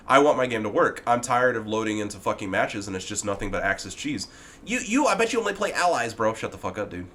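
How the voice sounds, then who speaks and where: Male gaming commentator, lowish voice, profane exasperated rant addressed at one person. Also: pushed and bright. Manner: heated, profane, exasperated ranting; talks directly to the person he criticizes. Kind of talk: ranting commentary video.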